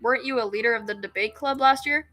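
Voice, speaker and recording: A woman's voice: fairly high pitch, fast, pushed and bright, faint music behind. A woman streamer reading a visual novel aloud, narrating in first person and breaking off into giggly, self-mocking asides.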